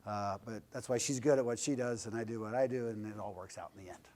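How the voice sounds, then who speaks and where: A man's voice: fairly low pitch, quick pace, a little mellow. Joking man speaking to a class. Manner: joking, blunt, lightly profane storyteller. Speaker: guest speaker. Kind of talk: casual motivational class talk. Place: classroom lecture.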